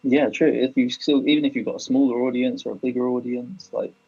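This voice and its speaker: A man's voice: medium pitch, steady tone, brisk, gravelly, dark tone, husky, muffled recording. A young man from England with a British accent, a podcast guest telling his story in casual chat, hesitant and full of fillers. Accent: British English. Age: young adult.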